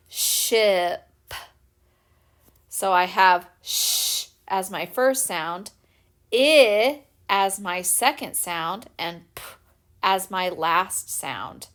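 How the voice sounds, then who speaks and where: A woman teacher giving a recorded spelling lesson for young children, patiently and clearly sounding out letters. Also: mid-range voice, fairly bright tone. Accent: American.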